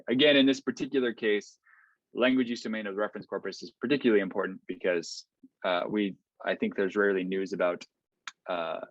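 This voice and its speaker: Man giving a relaxed online lecture. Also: lowish voice, no echo. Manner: relaxed, many ums and okays, explanatory. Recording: dull, slightly lo-fi online lecture audio.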